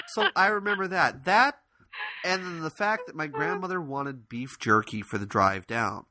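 A man co-hosting a casual podcast, telling a story with lots of energy and laughter. His voice moves up and down a lot and has a bright, forward tone. It sounds close and dry. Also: sits high, lively intonation, brisk, no echo. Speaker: podcast co-host.

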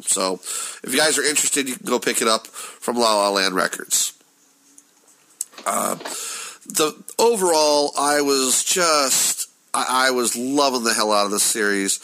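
A man's voice: mid-range voice, pushed and bright, low-quality recording. A man chatting casually and enthusiastically as a podcast co-host, reviewing a series with lots of restarts. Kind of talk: casual show review chat.

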